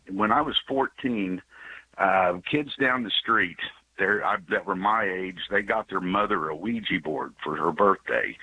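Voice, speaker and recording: A man in his sixties calling in to a radio show by phone, telling a story with many halting restarts and fillers. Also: low voice, pushed and bright, husky, low-quality recording. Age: 60s. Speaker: radio caller. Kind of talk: call-in storytelling. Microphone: phone call.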